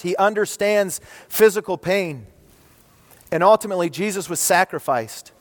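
A man's voice: sits high, expressive, moderate pace, in a large hall. A middle-aged male pastor preaching a sermon in a conversational way, often asking "right?" and posing rhetorical questions to the congregation.

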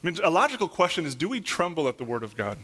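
Pastor guy preaching in church, bright ringing voice a bit on the high side, lots of questions to the congregation, gets loud on the big lines. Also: sing-song, very fast. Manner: earnest preaching with rhetorical questions; builds to loud emphatic peaks when reading scripture. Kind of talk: sermon.

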